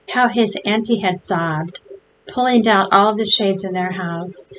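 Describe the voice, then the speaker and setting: A woman reading a children's novel aloud, shifting her pitch up for the boys' shouted lines. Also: noisy background. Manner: animated, with quick jumps in pitch for shouted lines. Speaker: reader. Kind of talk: storybook read-aloud with character voices.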